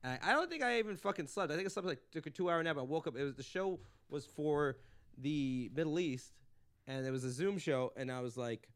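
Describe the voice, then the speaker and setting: Fast-talking, profane comedian host. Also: male voice, on the high side, lively intonation, smooth. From Los Angeles. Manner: profane, ranting storyteller who slips into mocking voices. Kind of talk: casual podcast chat.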